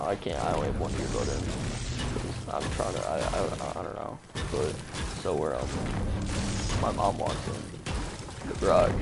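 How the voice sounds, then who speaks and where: A man telling a story in a casual, rambling way, swearing a lot and using plenty of fillers. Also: rumbling low. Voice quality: creaky. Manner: rambling, profane, full of fillers.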